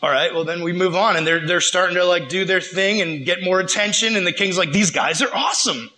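A man preaching in a casual, slangy style, retelling a story with lively animation. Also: high voice, brisk, rough recording.

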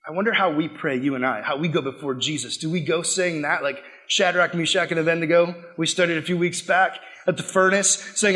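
Young guy youth pastor preaching, kinda high voice, gets loud then drops way quiet. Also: a little fast. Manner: energetic, swings between loud emphasis and quiet asides. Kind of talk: sermon.

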